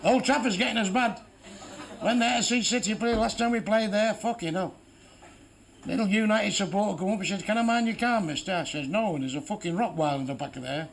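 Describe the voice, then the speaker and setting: Stand-up comic, male, crude and blunt, fairly high voice, noisy live recording. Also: brisk, vocal fry. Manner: crude, heavy swearing, blunt punchlines. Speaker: stand-up comedian. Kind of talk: stand-up joke telling.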